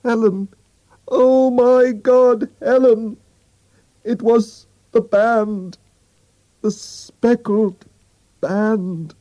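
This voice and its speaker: Guy doing a scared young woman's voice, pitched way up, pleading, storybook reading. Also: big pitch swings, measured pace, long pauses, warm tone, breathy edge, no room sound, highs cut off. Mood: terrified. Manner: high, pleading and terrified. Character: frightened young woman, dying sister.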